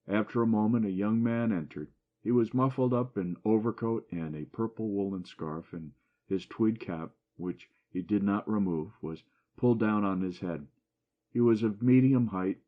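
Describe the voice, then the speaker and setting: Man, audiobook narrator, very low voice, dull lo-fi sound, classic short story reading. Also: moderate pace. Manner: lifts his voice for dialogue, drops for narration.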